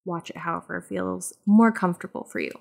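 A woman on a casual podcast, talking gently and encouragingly. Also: fairly low pitch, steady tone, fast talker, creaky. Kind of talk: casual chat.

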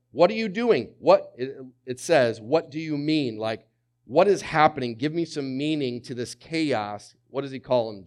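A man preaching a sermon, swinging from hushed lines to loud ones and acting out the people he quotes. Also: medium pitch. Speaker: pastor.

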